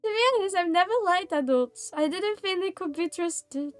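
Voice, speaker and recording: A woman reading the lines of a weary, tender schoolgirl saying goodbye in a soft, resigned way. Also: very high voice, normal speed, voice pushed up. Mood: somber farewell.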